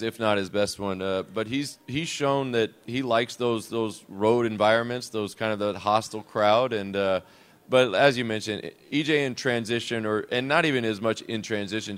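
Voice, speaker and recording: A man with a low, smooth and resonant voice, talking as a head basketball coach on a call-in style show. He speaks in a relaxed, reflective and unscripted way. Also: normal speed. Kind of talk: conversational coach's show interview.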